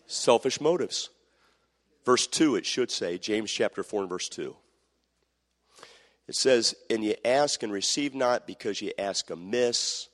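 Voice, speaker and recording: A man's voice: on the low side, animated, unhurried. A man preaching a sermon, reading scripture and calling on the congregation to answer back. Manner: calls for answers from the congregation, acts out quoted voices. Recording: long hall reverb.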